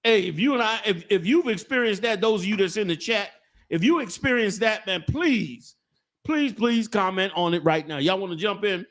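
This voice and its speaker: A man's voice: sits high, animated, a bit bright. A man hosting a live stream, giving emphatic commentary on a clip and drawing out his stressed words. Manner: preachy, emphatic, drawn-out stresses. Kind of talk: commentary on a viral video.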